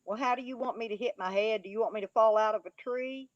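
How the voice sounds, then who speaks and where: A woman's voice: on the high side, fast, dry recording. A woman hosting a casual livestream, reading the chat and taunting trolls with a laugh. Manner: mocking, taunting, laughing often. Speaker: livestream host. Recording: dry, dull lo-fi audio.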